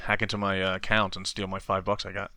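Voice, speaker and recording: A young man co-hosting a podcast, animated and quick to laugh, with casual swearing in the banter. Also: sits low, dry recording. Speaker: podcast co-host. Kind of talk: casual chat.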